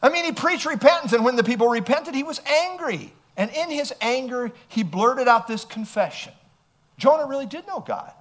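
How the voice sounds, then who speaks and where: A man's voice: very high voice, expressive, normal speed, a bit bright. A male pastor preaching an emphatic sermon, reading scripture aloud and asking rhetorical questions.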